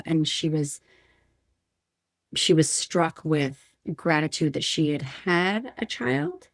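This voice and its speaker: A woman's voice: deep voice, gravelly, no echo, studio quality. A woman in her thirties, a podcast guest, telling a painful personal story candidly, frank and emotional with many restarts.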